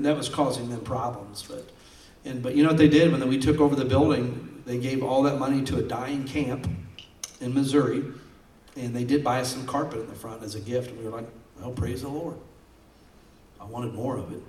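Folksy pastor preaching in a roomy hall. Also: male voice, mid-range voice, a little mellow. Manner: conversational storytelling, folksy. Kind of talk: sermon. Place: church sanctuary. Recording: roomy sound from far off.

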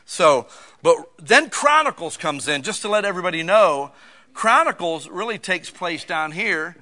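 Man, middle-aged, pastor, sermon, high voice, animated folksy delivery. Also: moderate pace. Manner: animated, folksy storytelling with sudden shouts.

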